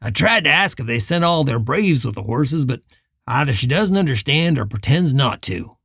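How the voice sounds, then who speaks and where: A man's voice: medium pitch, expressive, moderate pace, creaky, a bit bright, husky, no echo, clean studio sound, heavily acted. A man voicing a posse rider who reports back in a matter-of-fact way.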